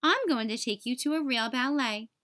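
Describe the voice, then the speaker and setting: A woman's voice: high-pitched, moderate pace, no echo, studio quality. A woman voicing a kind, supportive mother in a storybook read-aloud. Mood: encouraging. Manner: gentle, encouraging.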